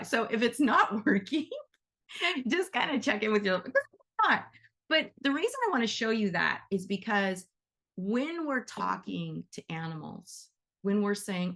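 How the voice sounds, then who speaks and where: A woman's voice: medium pitch, animated, measured pace, vocal fry, a bit bright. A woman teaching an energy-work session in a chatty, demonstrative way, laughing easily as she walks through examples. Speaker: animal reiki teacher.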